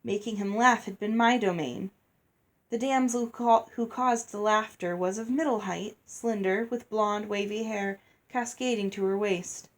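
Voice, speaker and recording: A woman reading a chapter of a novel aloud in a steady, measured storybook manner. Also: mid-range voice. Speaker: reader.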